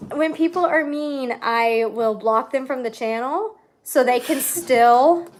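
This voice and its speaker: A woman's voice: high voice, a little hiss or hum. A woman hosting her own channel, chatting and teasing while she eats, often with her mouth full. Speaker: channel host. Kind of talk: casual mukbang chat.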